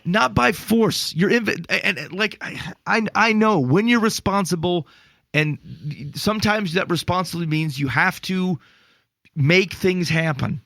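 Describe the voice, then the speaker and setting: A man with a gravelly, slightly fried voice talks through stories on a podcast, getting worked up and exasperated as he goes. His delivery is animated and full of restarts and filler words. The sound is dry and close to the mic. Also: sits high, no echo. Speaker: podcast co-host. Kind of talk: casual faith podcast discussion.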